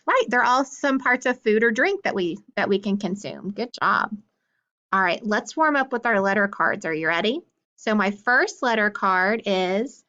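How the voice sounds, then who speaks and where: A woman teaching a phonics lesson, carefully sounding out letters, syllables and words in a steady drill. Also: mid-range voice, dull audio.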